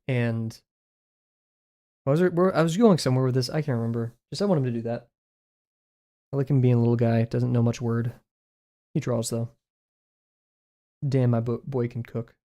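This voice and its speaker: A young adult livestreaming artist chats casually while drawing, in a warm, medium-pitched voice. They ramble, put themselves down, and mutter asides to themself.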